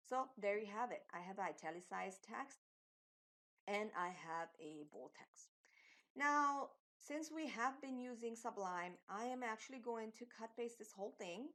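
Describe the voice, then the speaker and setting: A woman teaching web design, explaining code step by step in a screen-recorded tutorial, with some fillers. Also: mid-range voice.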